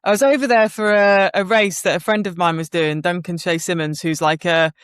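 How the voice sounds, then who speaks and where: A woman's voice: lowish voice, steady tone, a little fast, clear, resonant tone, no room sound, clean studio sound. A woman co-hosting a podcast who tells stories in an easygoing, curious way and thinks aloud as she goes. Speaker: podcast co-host. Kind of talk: casual chat.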